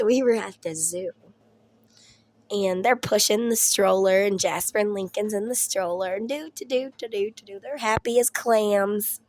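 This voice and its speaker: Southern US woman, 30s, home vlog, unhurried, rambling and profane. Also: medium pitch. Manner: rambling, profane, laughs through her stories. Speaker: mom vlogger. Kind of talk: casual storytelling chat.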